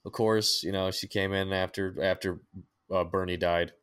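A young adult man, co-hosting a podcast and telling a story in casual chat, profane and animated with many restarts. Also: sits low, normal speed, clean tone. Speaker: podcast co-host.

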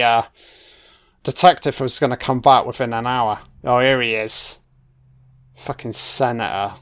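A man talks his way through a film as it plays, reacting live and cursing freely at the characters. His delivery is slow and unhurried. He talks straight back at the screen as if the people in it could hear him. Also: mid-range voice, clean tone. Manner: profane, talking back at the screen. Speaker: film commentator.

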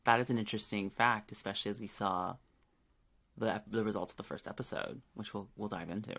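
Laughing often, this man keeps the talk loose as he co-hosts a podcast. He speaks quickly in a fairly low, fairly bright voice whose intonation stays fairly even.

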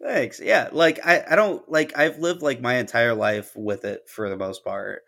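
A man's voice: medium pitch, creaky, a bit bright. Man with a slight stutter. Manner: halting, many restarts and "like"s. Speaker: podcast co-host. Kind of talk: casual chat.

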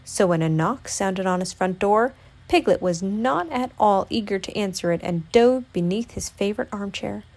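A woman narrating a children's storybook, reading with an expressive, lively touch. Her voice sits at an everyday mid pitch. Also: moderate pace. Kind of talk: storybook read-aloud.

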